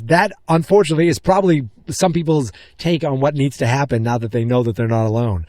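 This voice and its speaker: A man's voice: medium pitch, fast talker, hardly any pauses, dry recording. Podcast guy gushing about a movie he just saw, rambly, mid voice, dry sound. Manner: excited, rambling retelling of scenes. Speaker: podcast host. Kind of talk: casual movie recap.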